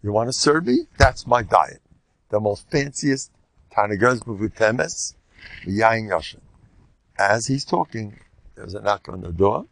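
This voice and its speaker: A man's voice: fairly low pitch, a little slow, no echo. An older man, a rabbi, giving a Torah class in a storytelling style, jumping between stories and acting out the people he quotes. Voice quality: gravelly, husky. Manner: animated, acts out quoted speakers, jumps between stories.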